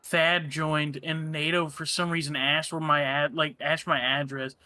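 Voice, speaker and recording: Man, game player, bright voice, slightly high, swears, laughs a lot, casual chat. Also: level tone, a little slow, no echo.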